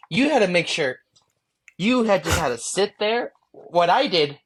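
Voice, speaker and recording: A man, a guest on an interview show, telling his story candidly and profanely, acting out his own thoughts in lively bursts. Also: high-pitched, unhurried, slightly rough.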